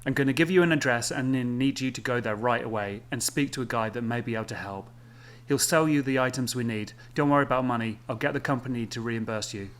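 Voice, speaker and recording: A man voicing a panicked young ghost-buster talking in hurried, low tones. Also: natural voice. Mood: urgent.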